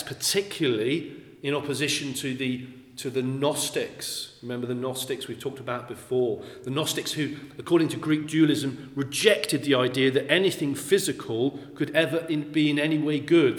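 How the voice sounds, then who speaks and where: A man preaching a sermon, talking slowly and deliberately and repeating key phrases for emphasis. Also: medium pitch. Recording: echoey hall with long reverb.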